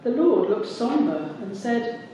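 A woman narrating a dramatised church reading in a clear, measured storytelling manner. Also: on the high side, very animated, warm tone, a little hiss or hum. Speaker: narrator, worship leader. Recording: echoey church heard from far off.

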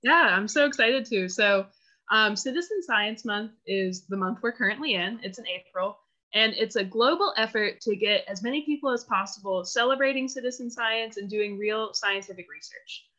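A woman organizer giving casual announcements on a video call, bubbly with lots of "um"s. Her voice is high and bright. The audio is dull and lo-fi, like a compressed call. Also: lively intonation, moderate pace. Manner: bubbly, with many "um"s. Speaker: event organizer.

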